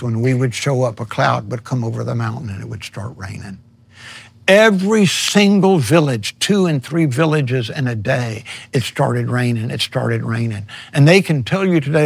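A man's voice: medium pitch, creaky, slightly rough, dry recording. A middle-aged man, a missionary preacher, telling his story earnestly in an interview and acting out his own words. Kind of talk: personal testimony in an interview.

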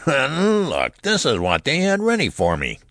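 A man's voice: medium pitch, wildly swooping pitch, unhurried, fairly bright tone, no room sound, studio quality, voice pushed up, heavily acted. A man voicing a cranky, mocking old man in a story reading, in a querulous, complaining way. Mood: grumbling. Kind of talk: audiobook character voice.

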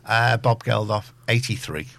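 A man co-hosts a radio show with dry, joking asides and easy banter. His voice is gravelly with plenty of fry. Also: fairly low pitch, unhurried, crowd noise. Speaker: radio co-host. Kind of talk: casual radio chat.

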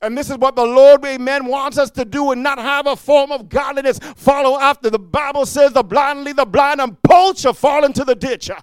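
A man preaching a fiery sermon, repeating "amen" and swinging from low muttering to shouting. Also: steady tone, moderate pace, few pauses, no room sound. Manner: repetitive call-and-response, frequent "amen".

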